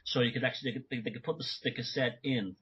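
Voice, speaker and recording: A man speaking as a guest in an interview, animated and talking in bursts with frequent restarts. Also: medium pitch, fast, breathy edge. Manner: animated, many restarts and asides. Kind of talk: conversational interview. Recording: dull lo-fi audio.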